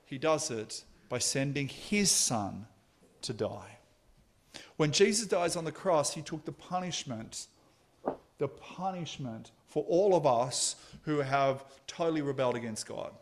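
A man preaching a sermon, telling a story with halting restarts and emphatic turns. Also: fairly high pitch, lively intonation.

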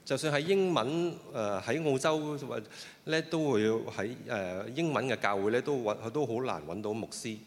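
A man interpreting a sermon phrase by phrase, often pausing with fillers and restarting his sentences. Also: mid-range voice. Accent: Cantonese. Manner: hesitant, with frequent fillers and restarts. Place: church hall. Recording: long reverb of a hall.

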